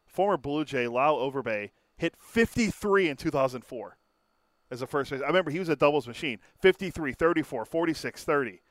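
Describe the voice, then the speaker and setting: A man's voice: a little high, animated, a little fast, dry recording. Matter-of-fact male co-host reading out stats. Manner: matter-of-fact, reads out numbers. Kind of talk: casual sports talk.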